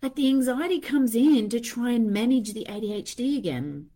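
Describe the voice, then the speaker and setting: A woman's voice: fairly high pitch, animated, moderate pace, mellow. A woman hosting a podcast in a candid, casual monologue, swearing freely and acting out her own inner voices. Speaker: podcast host.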